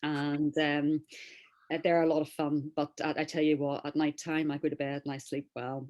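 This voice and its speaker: Northern irish woman on a video call, low voice, chatty, lots of ums, dry humor. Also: flat delivery, moderate pace. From Northern Ireland. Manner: chatty, warm-humored, frequent fillers. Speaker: interview guest. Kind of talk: casual interview talk.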